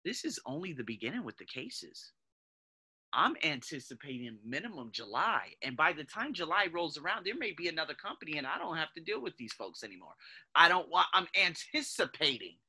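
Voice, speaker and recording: A man hosts a podcast and delivers a casual motivational monologue straight to his listeners. His voice is very bright and tense and sits a little higher than most men's. He talks in an animated way, often stops to correct himself, and addresses his audience as "guys". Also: brisk, breathy edge. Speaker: podcast host.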